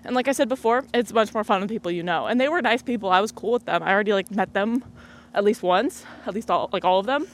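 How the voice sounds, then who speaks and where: Young female podcast host, chatty and loose, mid pitch, recorded outdoors on a phone with faint road noise. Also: fast. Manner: chatty, rambling, laughs often. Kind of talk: casual solo chat. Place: outdoors on a muddy walk. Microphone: phone in pocket.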